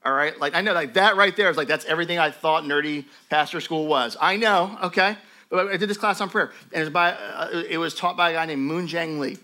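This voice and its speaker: A man teaching a sermon as pastor, telling stories in a lively conversational way with frequent asides to his listeners. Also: a little high, a little fast. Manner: animated storytelling, conversational asides.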